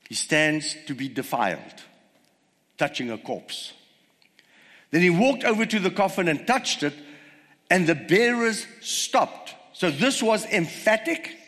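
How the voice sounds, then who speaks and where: A man delivers a sermon in a slightly high, very animated voice, taking his time over each phrase. He retells the story and keeps asking the congregation rhetorical questions. His voice carries a long reverb, as if recorded in a large hall. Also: measured pace. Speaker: preacher.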